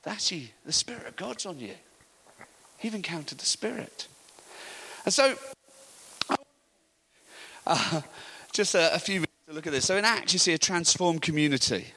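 A middle-aged man preaching a sermon, telling animated stories and laughing often. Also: fairly high pitch, normal speed, pauses often.

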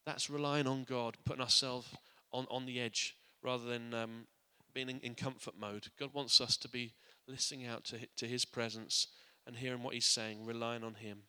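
A man preaching in a church, his voice very bright and forward, with a long reverb ringing around the hall. He speaks earnestly, often restarting and repeating words, and sinks quiet and soft on his reflective points. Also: medium pitch, level tone, moderate pace, hardly any pauses, clear, resonant tone. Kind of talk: sermon.

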